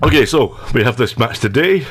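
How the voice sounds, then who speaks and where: A man's voice: mid-range voice, animated, a little fast, a bit bright, a little hiss or hum. A man commentating over a football career game, rambling into wordy, self-mocking digressions. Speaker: gaming commentator.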